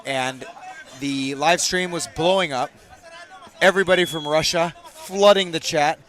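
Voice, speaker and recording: A man calling a game from a commentary booth on a booth microphone, joking with his co-host and bursting loud on big plays. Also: a little high, unhurried. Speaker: sports commentator. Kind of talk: play-by-play commentary with banter.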